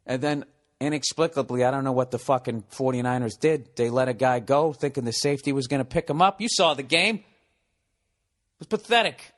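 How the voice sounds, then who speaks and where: A man hosting a podcast, telling a profane, ranting comedic story with animated delivery. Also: mid-range voice, fairly quick. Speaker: podcast host.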